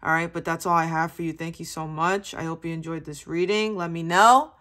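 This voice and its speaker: Low-voiced woman giving a casual tarot reading. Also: fairly even intonation, a little fast, fairly bright tone. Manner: chatty, casual, addresses viewers as baby. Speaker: tarot reader.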